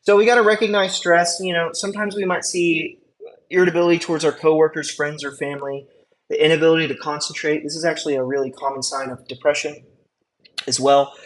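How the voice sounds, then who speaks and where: A man's voice: on the high side, little pitch movement, fast, slight background noise, poor audio. A man teaching an EMT class, talking casually with lots of fillers and check-in questions. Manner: conversational, with frequent fillers and check-ins. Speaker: EMT instructor. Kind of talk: classroom lecture.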